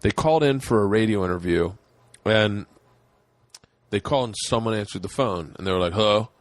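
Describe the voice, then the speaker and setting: A man's voice: lowish voice, brisk, dry recording. A man hosting a comedy podcast, telling stories in casual chat with lots of swearing. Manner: profane, animated storytelling. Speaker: podcast host.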